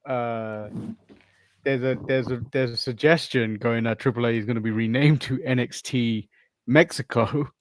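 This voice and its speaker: A man's voice: medium pitch, steady tone, normal speed, no room sound. Blunt man on a dry-sounding mic. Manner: blunt, crude, laughs often. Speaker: co-host. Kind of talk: casual wrestling chat.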